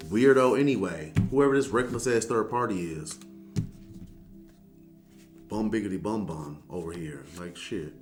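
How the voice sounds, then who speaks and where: A man giving a casual tarot reading, talking straight to the viewer in a sassy, blunt and profane way. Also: lowish voice. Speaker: tarot reader.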